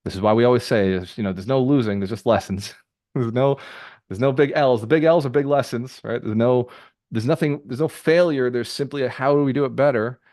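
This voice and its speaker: Speaking at medium pitch, a man running a group call as a real estate mentor delivers energetic motivation in rapid bursts of repeated phrases. His audio has studio quality and no room sound.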